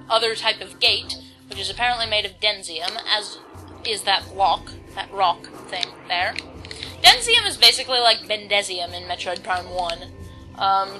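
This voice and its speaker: In a low-quality recording, a let's-play commentator with a mid-range voice rambles her way through a video game. She's casual and self-deprecating, reading out the text that appears on screen.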